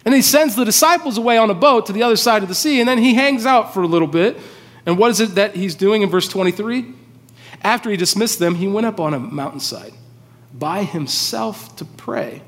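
A man preaching a sermon as pastor, casual and conversational, with informal asides. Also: high-pitched. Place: church hall. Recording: long reverb of a large hall.

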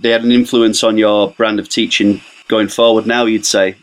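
A man's voice: lowish voice, level tone, moderate pace, rough recording. A man interviewing a guest, asking short follow-up questions. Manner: brief reactions, questioning.

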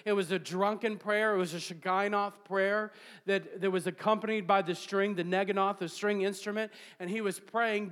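Male preacher, high voice, sermon, shouted climaxes, lingering hall reverb. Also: steady tone, normal speed. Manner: preaching with rising bursts of shouting; jokes and laughs with the congregation.

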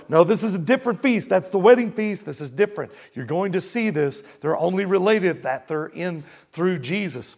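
A pastor preaches a sermon, his voice swinging dramatically from loud, booming passages to hushed ones as he calls out for responses from the congregation. He speaks at a normal pace with hardly any pauses.

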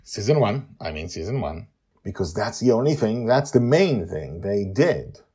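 A man with a low, husky voice narrates his own story, his pitch rising and falling a lot. He tells it casually and in an animated way, tossing in offhand asides. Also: moderate pace. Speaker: author and narrator.

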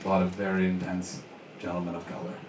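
A stand-up comedian from Canada tells a story on a club stage, now and then shouting out the lines of the people in it. His voice comes from some distance in a roomy live space. Plenty of noise sits behind him. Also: low voice, completely flat delivery, quick pace. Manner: storytelling, acts out characters with shouted bits.

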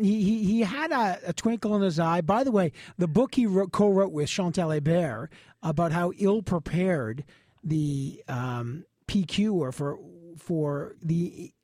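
A man interviewing guests on the radio, prompting with quick interjections. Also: sits high, darkish tone, dry recording, studio quality.

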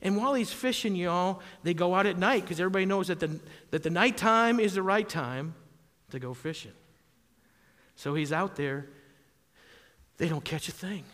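A high, bright-voiced man preaches a lively sermon, calling out for amens and rising to shouts at the big moments. He is from southwest Wisconsin. His voice rings with a long hall reverb. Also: moderate pace. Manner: animated preaching, calls for amens, shouts at peaks. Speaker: pastor.

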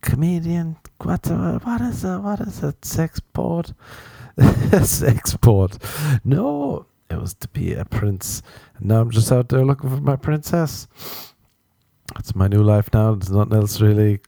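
A man's voice: mid-range voice, big pitch swings, measured pace, vocal fry, warm tone, no room sound. A man from Ireland hosting a solo comedy podcast from his apartment, rambling through self-mocking jokes and tangents. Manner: self-mocking, meandering, jokey asides. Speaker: podcast host.

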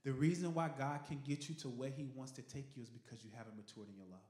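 A pastor preaching a sermon, animated and swinging from loud to hushed, talking casually with the congregation. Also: male voice, medium pitch, fast. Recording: roomy echo.

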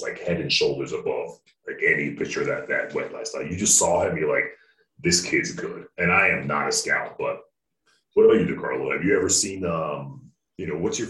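A podcast co-host with a bass voice and fairly bright tone chats casually, rambling and joking and restarting his sentences often. The recording comes from a distant mic in an echoey room.

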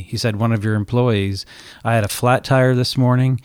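A man's voice: lowish voice, fairly even intonation, normal speed, no echo. A man appearing as a guest author on a radio show, telling a story earnestly with many fillers, on a studio microphone. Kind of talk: radio interview.

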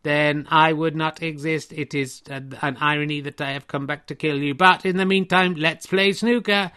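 A man doing a slow deadpan robot from the future. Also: on the high side, clean tone. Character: male humanoid robot from the future, vengeful.

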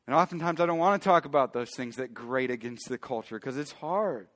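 A male pastor preaching a sermon emphatically, moving between loud declarations and quiet, hushed asides. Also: medium pitch, a little fast, big-room sound.

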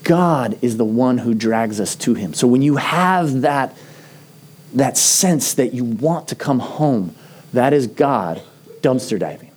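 A middle-aged man delivers a sermon in a relaxed, mellow voice of ordinary pitch. He speaks earnestly and conversationally, leaning into personal stories and slowing down to stress his main points. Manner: earnest, conversational storytelling with slow emphatic phrases. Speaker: pastor.

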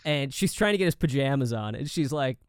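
Animated young dad telling stories. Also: male voice, mid-range voice, brisk, clean tone, dry recording, clean studio sound. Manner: animated storyteller, swears a lot, acts out family voices. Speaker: podcast co-host. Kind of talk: casual chat.

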